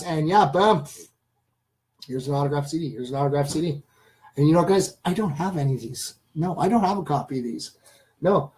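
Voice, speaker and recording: A man hosting a casual live stream, rambling enthusiastically to his viewers and addressing them as ladies and gentlemen. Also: high-pitched, low-quality recording. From Canada. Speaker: channel host.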